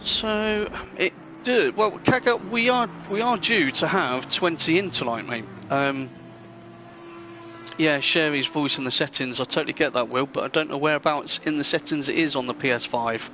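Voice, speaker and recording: Man, sim racing stream host, rambling friendly chat, bright tense voice. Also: a little high, normal speed, a little hiss or hum. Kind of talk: live stream commentary chat.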